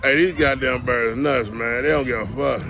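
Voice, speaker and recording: Guy joking around outside filming on his phone, gravelly voice, lots of street noise. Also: medium pitch, normal speed. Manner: loud joking banter, swearing, laughing. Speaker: comedian filming a street vlog. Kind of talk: casual street vlog. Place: outdoors on a city street. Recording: noisy street recording.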